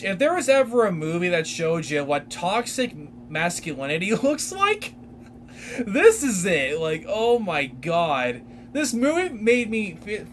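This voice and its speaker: A young man hosting a podcast, retelling a film in a rambling, animated way with lots of fillers. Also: sits high, a little hiss or hum. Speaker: podcast host. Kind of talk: casual solo film recap.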